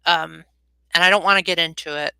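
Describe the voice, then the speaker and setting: A woman's voice: lowish voice, fairly even intonation, a little fast, creaky, sharp tone, clean tone, no echo, poor audio. A young woman chatting casually with viewers on a live stream, rambling with many ums and often losing her train of thought.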